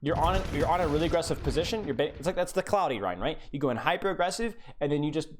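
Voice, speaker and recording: Male game coach on a live stream, blunt and impatient, animated pitch, faint clicks behind. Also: quick pace, a little hiss or hum. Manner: blunt, exasperated coaching with repeated urging. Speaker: game coach reviewing a player's replay. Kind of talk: live-streamed replay review.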